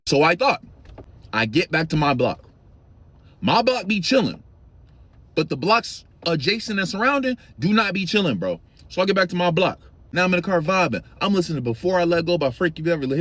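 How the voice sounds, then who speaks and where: A man's voice: on the high side, big pitch swings, moderate pace, a bit bright. A young man from Chicago telling a story in casual, slang-heavy, profane street talk.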